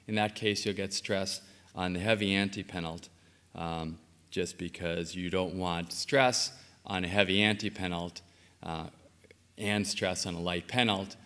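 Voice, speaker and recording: A man delivers an academic talk in a lecture hall, his voice on the low side. He explains each step with frequent ums and a steady "okay" between points, and the room leaves a long echo. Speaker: linguistics lecturer. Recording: reverberant hall.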